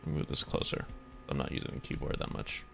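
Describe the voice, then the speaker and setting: A man's voice: brisk, a little hiss or hum. A young man streaming as a VTuber, chatting casually and rambling while he keeps interrupting himself. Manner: rambling, self-interrupting, easily distracted. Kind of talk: casual livestream chat while reading a game story.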